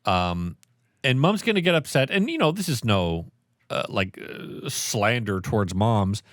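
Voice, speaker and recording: A man's voice: on the low side, a little slow, no echo, clean studio sound. A man in his thirties co-hosting a podcast, telling family stories in casual chat and swearing often. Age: 30s. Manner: animated storytelling, swears often. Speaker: podcast co-host.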